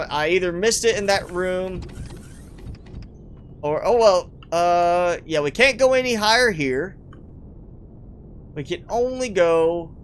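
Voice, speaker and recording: On a live stream, a man with a high, somewhat bright voice casually comments on a base a player built in a game; there's a little hiss or hum in the audio. He chats, rambles, makes fun of himself, and chuckles a lot.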